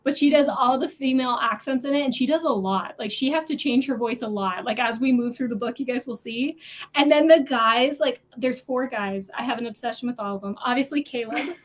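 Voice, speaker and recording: A woman hosting a casual online book club chat, gushing and animated about a series. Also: fairly high pitch, fairly quick. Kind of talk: casual group video chat.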